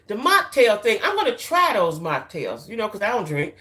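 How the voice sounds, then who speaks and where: A woman's voice: huge pitch swings, normal speed, bright, forceful tone. A middle-aged woman, hosting a loose, casual live-stream chat with her viewers. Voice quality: deep voice. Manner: chatty, loose, repeats herself, talks to viewers as y'all. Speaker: YouTube channel host.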